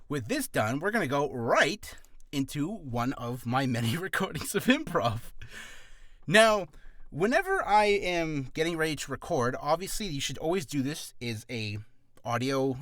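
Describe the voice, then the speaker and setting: Brief: male vlogger, chatty and self-mocking, lively pitch, dry studio mic. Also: unhurried, no echo. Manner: rambling, jokey, self-deprecating. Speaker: hobby voice actor and vlogger. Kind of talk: casual vlog talk. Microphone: studio mic with audio interface.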